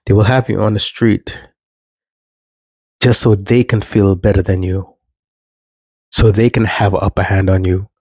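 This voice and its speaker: Slow, low-voiced earnest man. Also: flat delivery, a little mellow, no echo, low-quality recording. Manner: earnest, preachy, repeats phrases for emphasis. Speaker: vlogger. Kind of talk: casual spiritual advice talk.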